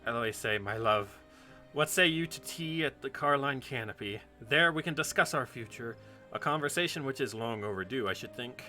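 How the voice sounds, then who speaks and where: A man's voice: mid-range voice, expressive, moderate pace, sharp tone, soft background music. A man voicing a devoted young suitor who speaks in formal, archaic phrasing. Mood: tender.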